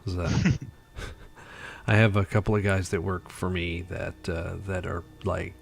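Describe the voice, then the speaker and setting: A man's voice: low-pitched, fairly even intonation, slow, creaky. A tired man hosting a casual livestream chat, rambling with lots of fillers. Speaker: livestream host.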